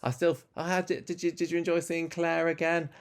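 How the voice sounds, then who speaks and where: A man co-hosting a podcast in casual chat, animated and jumping up in pitch when something excites him. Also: a little fast, smooth. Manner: chatty, jumps up in pitch when enthused. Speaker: podcast co-host.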